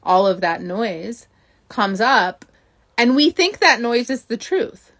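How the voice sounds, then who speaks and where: A woman giving a casual motivational talk as a mindset coach, chatty and animated, often asking "right?" and acting out inner thoughts. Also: fairly high pitch, takes it slowly.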